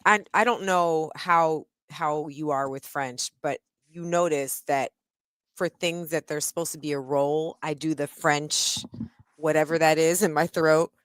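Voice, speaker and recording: A woman's voice: sits low, fairly even intonation, unhurried, dry recording. A woman hosting a casual video call, chatty, restarting her sentences and laughing easily. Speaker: host.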